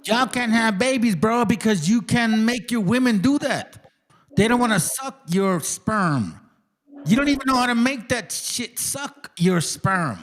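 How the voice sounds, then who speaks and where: A man's voice: high voice, lively intonation, a little slow, fairly bright tone, a little hiss or hum. A man hosting a casual reaction commentary, ranting heatedly and swearing constantly. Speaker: stream host.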